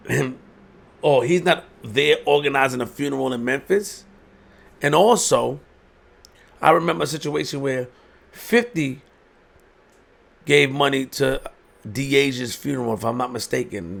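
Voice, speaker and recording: A man's voice: medium pitch, vocal fry. A man delivering an emphatic opinion monologue, preaching and firing rhetorical questions. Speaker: commentary host.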